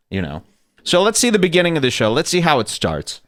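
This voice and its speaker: A man hosting a podcast, giving animated, sarcastic commentary on a video clip. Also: fairly high pitch, fast talker, no echo, clean studio sound. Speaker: podcast host.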